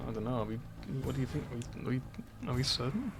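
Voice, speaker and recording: A man's voice: mid-range voice, expressive, brisk, faint music behind. A man streaming a game, chatting casually into a dynamic microphone, rambling and swearing often as he laughs through his stories.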